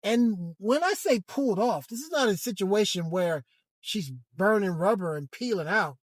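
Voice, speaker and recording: A man giving a hesitant, halting commentary monologue from inside a car, with frequent restarts. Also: high-pitched, animated, no echo. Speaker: vlogger.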